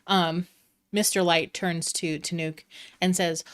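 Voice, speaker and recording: Woman dungeon master, slow and lowish voice, laid-back narration full of "um" and "like". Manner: relaxed, filler-heavy narration. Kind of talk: narrating a tabletop game.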